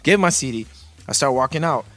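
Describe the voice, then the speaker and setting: A man from Toronto, telling a story in a casual podcast chat, animated and profane, acting out the voices of the people in it. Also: medium pitch, a little fast. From Toronto, Canada. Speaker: guest musician.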